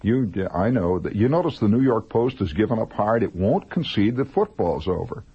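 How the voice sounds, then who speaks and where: A man's voice: on the low side, expressive, normal speed, breathy edge. A man hosting a radio show, reading commercials as rambling, mock-serious jokes from a studio. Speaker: radio host. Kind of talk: comic ad-libbed radio commercials. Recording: dull lo-fi old radio broadcast.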